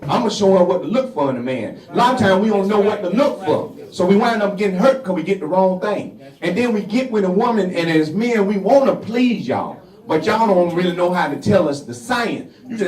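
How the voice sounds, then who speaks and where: An older man with a Southern US accent doing a loud, animated stand-up comedy set at a café open mic, laughing along with the audience. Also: high voice, brisk. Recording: roomy, distant, crowd noise.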